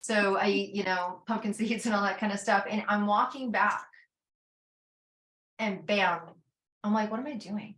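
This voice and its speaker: A woman telling a rambling, animated story in casual talk, acting out her own inner voice. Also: medium pitch, a little slow, long pauses, echoey room. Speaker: summit organizer speaking to a panel.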